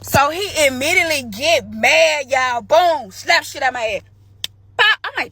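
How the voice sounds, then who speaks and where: A woman's voice: high voice, expressive, measured pace, sharp tone, slight background noise. A young woman telling a candid, slangy story from her own life to the camera. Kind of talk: storytime vlog.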